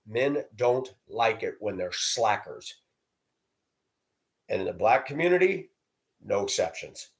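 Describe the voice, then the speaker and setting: A man's voice: mid-range voice, very animated, measured pace, vocal fry, a little mellow. Man, vlog monologue, rambling, blunt, coarse, mid-range voice. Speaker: vlogger. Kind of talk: personal storytelling monologue.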